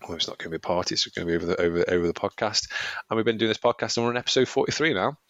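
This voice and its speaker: A man's voice: lowish voice, rapid-fire, fairly bright tone, no echo, dull audio. A man co-hosting a casual running podcast, chatting in a rambling way and laughing often. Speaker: podcast co-host. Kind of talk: casual chat.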